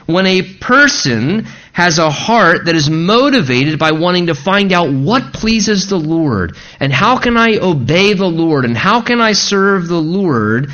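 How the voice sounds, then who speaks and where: A man's voice: sits high, very animated, bright, forceful tone, lo-fi sound. Man preaching verse by verse. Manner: slows to read scripture aloud. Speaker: pastor. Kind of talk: expository sermon.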